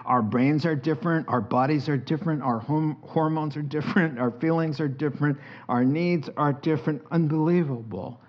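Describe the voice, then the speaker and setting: A middle-aged male pastor preaches a sermon full of joking stories, laughing often in an animated way. His voice is a little high, his pace moderate with few pauses, and the recording sounds dull with a faint background hiss.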